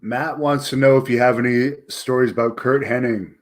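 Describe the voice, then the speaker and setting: A man's voice: medium pitch, fairly even intonation, moderate pace. Male interviewer reading viewer questions. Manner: brief, plain questions.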